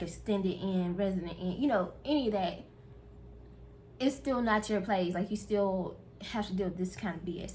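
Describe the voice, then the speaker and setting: A woman's voice: mid-range voice, a little hiss or hum. A woman from North Carolina, chatting candidly and directly to her viewers in a casual vlog. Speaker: vlogger.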